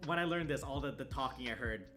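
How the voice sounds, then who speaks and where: A man's voice: medium pitch, fast. A man casually telling a story as a streamer, acting out the lines of the people in it. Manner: animated, acts out the other people's lines in his story. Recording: music playing clearly behind.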